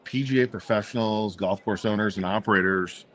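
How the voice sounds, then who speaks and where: A man's voice: lowish voice, brisk, a bit bright, slight background noise. Male co-host asking mock-serious questions. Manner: mock-serious interviewer, laughs often. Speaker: podcast co-host. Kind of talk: casual podcast banter.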